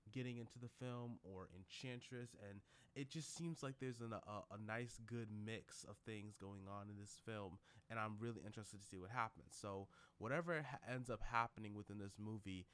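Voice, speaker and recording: A man's voice: fairly low pitch, moderate pace, fairly bright tone, smooth. A man vlogging in a casual, rambling way, with lots of fillers and restarts. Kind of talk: casual commentary vlog.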